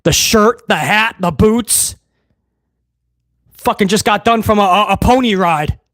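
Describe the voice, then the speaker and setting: Man, high voice, blunt profane ranting, live stream host, dry close mic. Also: a little slow, fairly bright tone, dry recording. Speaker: wrestling watch-along host. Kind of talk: casual live-stream commentary.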